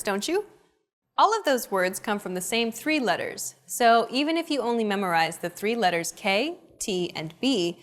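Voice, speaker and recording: Lesson host: young woman, lively pitch, bright and clear delivery. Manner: upbeat, clear teaching delivery. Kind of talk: scripted instructional narration.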